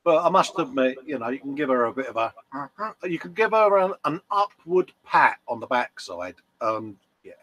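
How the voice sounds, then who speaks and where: A man's voice: mid-range voice, sing-song, moderate pace, a bit bright, no room sound, rough recording. An English man telling jokey stories and laughing in casual banter. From England. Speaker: guest on a live stream.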